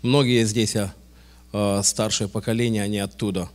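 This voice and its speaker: A man from Tajikistan giving an earnest, measured testimony at a church service. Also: lowish voice, fairly even intonation. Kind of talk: formal testimony.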